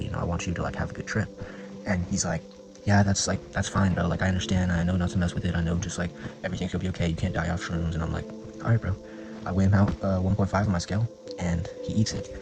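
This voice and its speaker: A young man tells a story in casual vlog style, rambling and slangy, with plenty of swearing. His voice is very deep and gravelly, and his delivery is quick. Music plays clearly underneath. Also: low-quality recording. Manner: rambling, slangy, swears a lot, heavy use of filler words. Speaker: vlogger. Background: background music.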